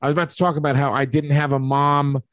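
A man's voice: on the high side, little pitch movement, quick pace, fairly bright tone, no room sound. A man hosting a casual podcast, rambling and swearing freely, with stammering restarts. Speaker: podcast host.

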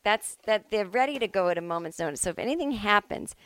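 A woman voicing her middle-aged mother, who states alarming things in a flat, matter-of-fact way. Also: mid-range voice, fast talker, close to an everyday voice.

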